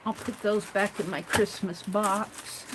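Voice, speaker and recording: A woman's voice: mid-range voice, fairly even intonation, slow pace, noisy background. A woman hosting a casual craft livestream, chatting to herself and viewers as she tidies her supplies at home. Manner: chatty, talks herself through tidying up.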